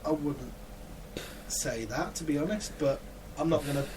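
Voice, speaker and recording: A man's voice: fairly high pitch, normal speed. A man co-hosting a casual podcast, talking in a dry, teasing, mock-serious way. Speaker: podcast co-host. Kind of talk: casual banter. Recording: distant mic with audible background noise.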